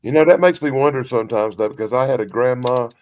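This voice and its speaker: A man's voice: medium pitch, fast, darkish tone. A man in casual group video chat, talking in a rambling, folksy way with frequent restarts. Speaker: community chat participant.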